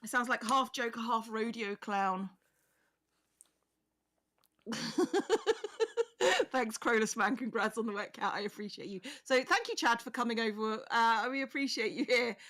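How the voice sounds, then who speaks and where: A woman's voice: a little high, unhurried, pauses often, bright, forceful tone. A woman co-streaming, teasing and laughing often in casual chat.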